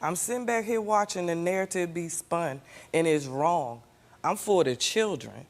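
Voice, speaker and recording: A woman's voice: on the low side, moderate pace. An older grandmother guest on a talk show, insistently defending herself and pushing back.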